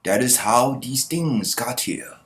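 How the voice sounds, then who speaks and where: A man voicing a solemn armored skeleton knight in a put-on accent, speaking slowly and gravely. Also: fairly low pitch, animated. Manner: puts on an accent, slow and grave.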